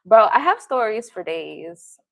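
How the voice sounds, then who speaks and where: A woman's voice: medium pitch, big pitch swings, unhurried, vocal fry, fairly bright tone, dry recording. A woman hosting a livestream, telling stories in a blunt, profane, casual way and often laughing. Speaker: tarot reader and livestream host.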